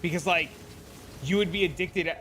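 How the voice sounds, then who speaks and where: A young man chatting casually on a gaming livestream, profane and excitable, swearing freely. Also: high voice, moderate pace, a little hiss or hum. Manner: profane, excitable, talks to his cats. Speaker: gaming streamer.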